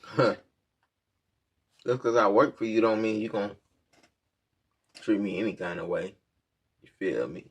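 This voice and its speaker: Male reaction host with a low, raspy voice, blunt and profane. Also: unhurried, pauses often. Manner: blunt, profane, street slang. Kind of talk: casual reaction commentary.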